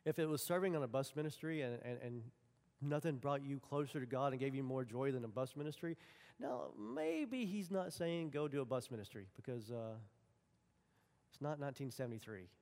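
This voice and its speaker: A man's voice: medium pitch, lively intonation, brisk, darkish tone. A man preaching a sermon, telling folksy personal stories and acting out the dialogue. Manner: folksy storytelling, acts out dialogue. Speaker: pastor. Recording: long hall reverb.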